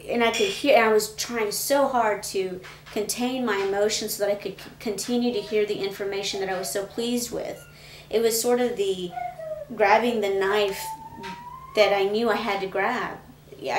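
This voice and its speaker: Earnest woman recounting, flat voice. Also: mid-range voice. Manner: earnest, gently reliving a hard memory. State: pregnant. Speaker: interviewee. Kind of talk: emotional personal account. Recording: echoey room with faint noise.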